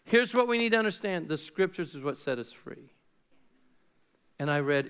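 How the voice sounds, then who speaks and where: A man's voice: a little high, expressive, moderate pace, long pauses, a bit bright, clean tone. A middle-aged man preaching a sermon as pastor, talking conversationally and acting out little dialogues.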